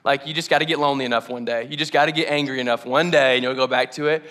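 A man's voice: medium pitch, steady tone, racing, few pauses, fairly bright tone. A young male pastor giving a candid, conversational sermon that builds to impassioned emphasis. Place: church auditorium.

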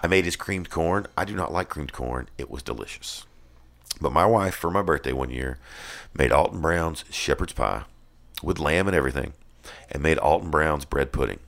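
A Tennessee man with an extremely deep, rumbling voice, gravelly yet a touch bright, chats casually at a normal pace. He rambles, swears freely, and keeps restarting with plenty of ums.

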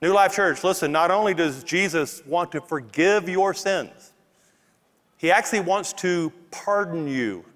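A man with a Louisiana accent preaching a sermon as pastor, animated and emphatic, stretching out key words. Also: sits high. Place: church auditorium with congregation. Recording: long hall reverb in a church.

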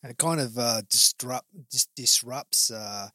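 A man's voice: medium pitch, measured pace, sharp tone, no echo, studio quality. A man hosting a casual chat as a psychologist, reflective and asking leading questions. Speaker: psychologist host.

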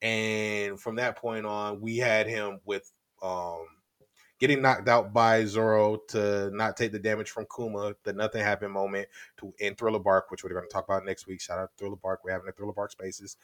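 Low-voiced, slangy podcast co-host. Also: male voice, moderate pace, dry recording, studio quality. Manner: animated, slangy, laughing recaps. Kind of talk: casual chat.

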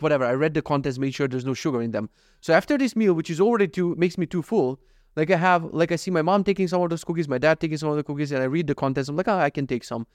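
A man's voice: on the high side, no room sound. A young man hosting a podcast, talking candidly and self-critically in a rambling, profane confessional monologue into a close mic. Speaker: podcast host.

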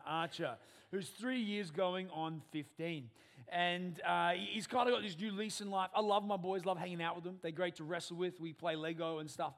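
A man in his thirties, a pastor preaching a sermon in a church and telling animated stories. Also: high-pitched. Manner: animated storyteller, acts out family dialogue.

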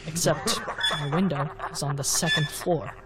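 An actor playing a jumpy, excitable teenage boy who talks casually. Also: a little high, moderate pace, close to an everyday voice. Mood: eerie telling. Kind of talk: audio drama acting.

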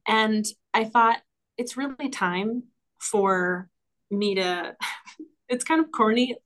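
A woman talking as a podcast guest in relaxed, conversational speech. She sounds enthusiastic and reflective, often pausing on fillers and laughing lightly between thoughts. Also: on the high side. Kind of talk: casual conversational interview.

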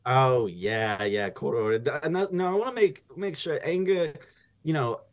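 A man playing a pushy but friendly court-ordered boxer in an improvised comedy scene, chummy and fast to egg others on. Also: mid-range voice, natural voice. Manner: chummy, pushy, talks over himself. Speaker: improv guest.

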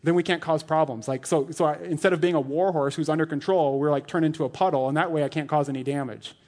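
Joking, chatty preacher man, slightly high voice. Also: fairly even intonation, fast, a little mellow. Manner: chatty and joking, lots of "like", laughs at his own jokes. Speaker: lay elder preaching. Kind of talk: casual sermon.

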